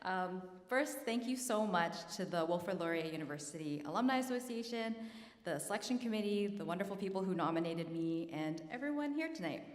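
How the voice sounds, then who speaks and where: A woman's voice: lowish voice, animated, fairly quick. A woman in her thirties giving a prepared award acceptance speech, earnest and self-deprecating, holding back tears. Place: large hall at an awards ceremony. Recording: echoey hall, roomy reverb.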